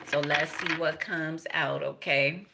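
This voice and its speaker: A woman's voice: low-pitched, steady tone, slow, creaky, very noisy. An older woman giving a casual tarot reading, rambling and profane, laughing often between remarks. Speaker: tarot reader.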